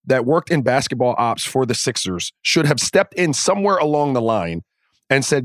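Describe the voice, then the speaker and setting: Man, sports podcast co-host, mid-pitched, dry close sound, emphatic and opinionated. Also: big pitch swings, moderate pace, no room sound. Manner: opinionated, emphatic, with many restarts. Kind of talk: casual sports chat.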